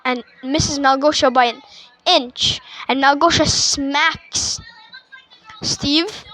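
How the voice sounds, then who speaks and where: A high-pitched woman talks slowly through a movie plot in a loose, rambling way, stopping on fillers and starting over. The recording is close and dry, with no room sound. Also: sharp tone, no echo, rough recording. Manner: rambling, with many fillers and restarts. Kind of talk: casual movie retelling.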